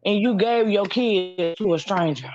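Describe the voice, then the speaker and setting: A woman's voice: medium pitch, unhurried, darkish tone. A woman caller in a casual chat, blunt and incredulous in how she talks, heard over a lo-fi call line.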